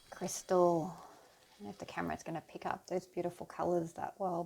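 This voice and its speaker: This is a woman running a pick-a-card tarot reading, speaking straight to her viewers. She talks slowly and soothingly. Her voice is fairly low and has a gravelly, creaky edge. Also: mellow. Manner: unhurried, soothing, addresses viewers directly.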